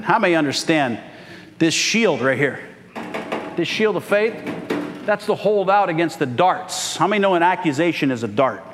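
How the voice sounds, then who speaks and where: A man's voice: fairly high pitch, fairly bright tone, in a large hall. A man pastor preaching a sermon, calling out for "Amen" from the congregation. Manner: call-and-response preaching, frequent "Amen?". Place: church sanctuary.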